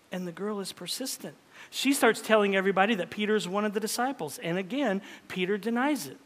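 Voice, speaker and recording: A male pastor preaching a sermon in a dramatic style, swinging between loud emphasis and hushed whispers. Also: extremely high pitch. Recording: long reverb of a large hall.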